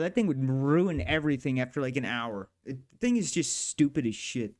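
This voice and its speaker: A man's voice: mid-range voice, expressive, moderate pace, hardly any pauses. Profane, exasperated male game developer. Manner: profane, exasperated grumbling at the software. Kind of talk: casual devlog narration while working.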